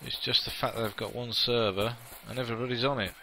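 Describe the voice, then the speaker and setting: A man giving casual, chatty commentary as he plays a game, opinionated and quick to laugh at himself. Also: mid-range voice, fairly even intonation, sharp tone, rough recording. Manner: chatty and opinionated, with frequent laughs and playful asides. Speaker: let's play gamer.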